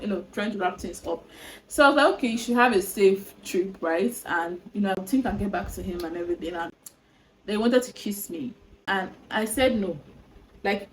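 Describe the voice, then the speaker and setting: A young woman tells a dating story to her viewers, animated and exasperated. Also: mid-range voice, slight background noise, low-quality recording. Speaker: vlogger. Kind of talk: storytime vlog.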